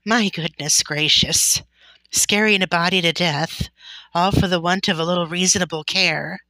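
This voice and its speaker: A woman reading aloud, doing a frightened pioneer mother's voice, pitched up and loud with alarm. She scolds in a bright, tense tone that cracks toward tears. The sound is close and dry. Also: steady tone, moderate pace, dry recording, rough recording. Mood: scolding. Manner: scolds shrilly, then breaks down sobbing.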